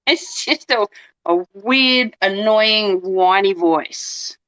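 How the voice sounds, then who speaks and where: A woman's voice: medium pitch, extremely slow, fairly bright tone, clean tone, poor audio. A woman hosting her channel, chatting casually and rambling in a self-deprecating way. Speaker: channel host. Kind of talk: casual chat.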